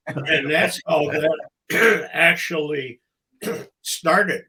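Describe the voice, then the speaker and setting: An older man, a former wrestling promoter and ring announcer, telling stories casually as a podcast guest, halting and fond, with pauses between phrases. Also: fairly high pitch, steady tone, pushed and bright, poor audio. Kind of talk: casual anecdotal storytelling.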